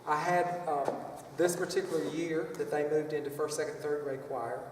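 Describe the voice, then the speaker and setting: A man's voice: on the high side, level tone, moderate pace, slight background noise. A man leading a children's choir workshop, chatty and rambling, with playful vocal demonstrations. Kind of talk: music workshop lesson. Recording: echoey hall from far off.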